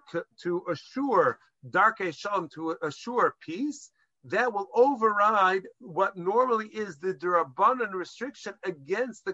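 Man, rabbinic lecturer, high-pitched voice, dry close sound, explanatory class lesson. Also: bright, forceful tone, no room sound, dull audio. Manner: explanatory, mixes Hebrew and Aramaic terms with English; hesitant restarts while explaining.

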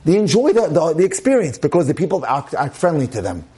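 Guy preaching on marriage, punchy, keeps asking rhetorical questions, voice on the higher side. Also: big pitch swings, quick pace, warm tone, slight background noise. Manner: emphatic, repeats phrases, asks rhetorical questions. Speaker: rabbi giving a talk on marriage. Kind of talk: sermon-style lecture.

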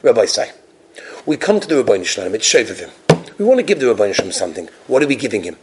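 A man's voice: on the low side, racing, noisy background. A man giving a religious talk, telling stories and acting out the characters. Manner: animated storytelling, acts out characters. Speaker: religious lecturer.

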